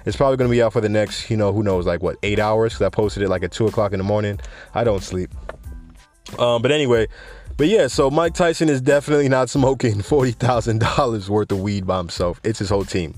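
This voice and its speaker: A man hosting a podcast, talking in a loose, conversational way with plenty of fillers and shout-outs. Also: lowish voice, fast, faint music behind. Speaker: podcast host. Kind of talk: casual solo podcast talk.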